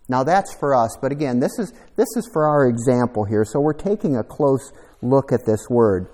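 A man's voice: mid-range voice, animated, moderate pace, hardly any pauses, dark tone. A man preaching a conversational sermon, reflective and thinking aloud, sometimes repeating a word as he goes. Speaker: pastor.

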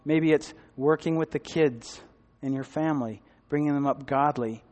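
A man's voice: on the high side, moderate pace, a little mellow, long reverb tail. Man telling a church testimony. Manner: storytelling with quoted dialogue and laughter. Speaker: church speaker giving a testimony. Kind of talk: testimony sermon.

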